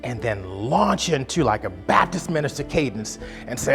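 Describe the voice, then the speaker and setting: A man in his fifties, telling a family story in a casual, animated way and acting out the voices of the people in it. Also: fairly high pitch, moderate pace, creaky, few pauses, soft background music.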